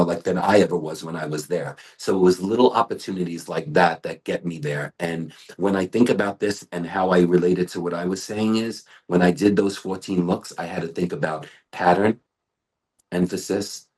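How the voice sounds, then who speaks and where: A middle-aged man and hair artist talking in an interview, telling animated stories with frequent restarts. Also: low-pitched, husky. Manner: animated storytelling with many restarts. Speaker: global ambassador and hair artist.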